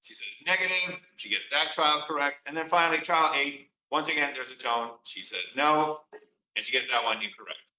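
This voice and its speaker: A man lectures on psychology with a very bright, sharp voice, walking through examples and voicing the replies himself. He sits back from the mic, and the room rings around him. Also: fairly high pitch, moderate pace, roomy sound, far from the mic, slight background noise, poor audio. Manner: explanatory, acts out examples with quoted replies. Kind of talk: recorded lecture.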